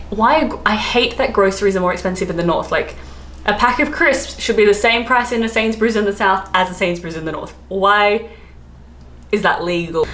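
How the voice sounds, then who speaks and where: A woman's voice: medium pitch, a bit bright, a little hiss or hum. A woman with an Australian accent, chatting casually to camera, rambling and often laughing. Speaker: travel vlogger. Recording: echoey room, faint ambience.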